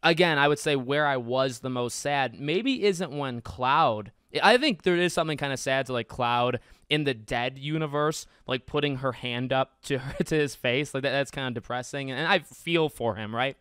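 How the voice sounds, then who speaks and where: A man's voice: mid-range voice, normal speed, few pauses, clear, resonant tone, no echo, clean studio sound. A young man hosting a podcast, talking casually and with emphasis about a video game, often restarting his sentences. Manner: animated, emphatic, many restarts. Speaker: podcast host.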